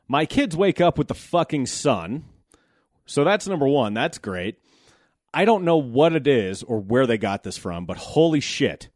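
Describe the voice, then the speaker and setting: Recorded dry in a studio, this medium-pitched male voice belongs to a US podcast host in his thirties. He gives a casual, loose monologue about his day, full of wry humor and profanity.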